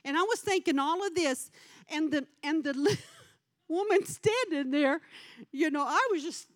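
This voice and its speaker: A woman's voice: high-pitched, moderate pace. A middle-aged woman giving a devotional talk at a church gathering, telling a homey story in a chatty way and laughing often between lines. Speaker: lay speaker at a church gathering.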